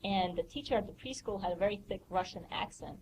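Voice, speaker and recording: A woman asking questions in a relaxed, casual way during an academic office hour. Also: mid-range voice, fast talker, a little hiss or hum, poor audio. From grew up in the United States after moving there as a child. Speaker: student or teaching assistant asking questions.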